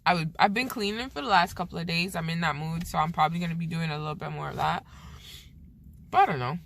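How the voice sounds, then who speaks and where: A woman's voice: fairly low pitch, fast talker, gravelly. A Canadian woman vlogging casually from the snow and her car, chatty and self-mocking, laughing often. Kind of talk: casual vlog chat. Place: outdoors in snow, then in a car. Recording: noisy outdoor and car ambience.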